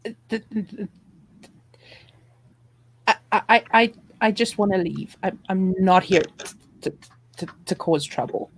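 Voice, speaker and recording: A woman's voice: mid-range voice, slow pace, natural voice, poor audio. A woman playing a stammering, timid young man. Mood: nervous. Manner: stammering, frightened. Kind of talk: tabletop role-play in character.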